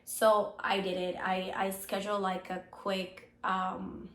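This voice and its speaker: A woman co-hosting a podcast in casual chat, still sick with a hoarse voice, rambling with many fillers. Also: mid-range voice, level tone, slow pace, echoey room. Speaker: podcast co-host.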